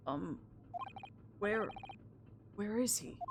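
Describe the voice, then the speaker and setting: A woman's voice: medium pitch, animated, drawn-out words, background noise. A woman voicing a flustered, stammering young man in a game read-through. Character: flustered young male law student.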